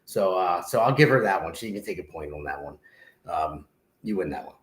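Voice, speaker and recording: A man's voice: deep voice, lively intonation, brisk. A middle-aged man with a New Jersey accent hosting a podcast, telling teasing jokes in casual banter. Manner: joking, teasing, playful storyteller. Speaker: podcast host. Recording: echoey room.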